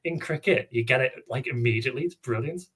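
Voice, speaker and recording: A man co-hosting a casual fan podcast, talking in an animated way and laughing often. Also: medium pitch, fast talker, slightly rough. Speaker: podcast co-host. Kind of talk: casual chat.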